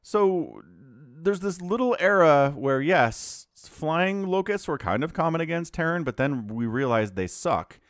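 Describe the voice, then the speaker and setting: A man doing video game commentary, animated and incredulous, laughing often and turning sarcastic. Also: a little high, unhurried, dry recording, clean studio sound. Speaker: game caster.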